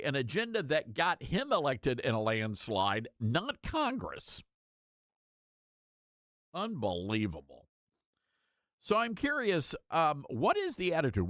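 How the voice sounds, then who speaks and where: A male talk radio host giving sarcastic, animated commentary with mocking asides. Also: on the high side, no echo, clean studio sound.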